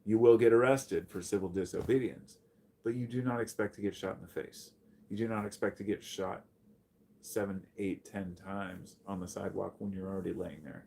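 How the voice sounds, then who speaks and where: Guy on a livestream ranting blunt and sweary, lowish voice, gets loud greeting chat. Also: moderate pace, gravelly, slight background noise. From United States. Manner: blunt, profane, animated when greeting chatters. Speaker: live streamer. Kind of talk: casual livestream commentary.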